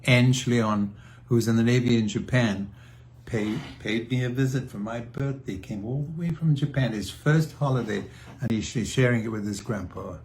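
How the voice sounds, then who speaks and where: An older man chatting in a casual video diary, halting and restarting often, clearing his throat as he tells fond stories about his family. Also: mid-range voice, a little mellow, a little hiss or hum. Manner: fond, reminiscing storyteller. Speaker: singer sharing a video message.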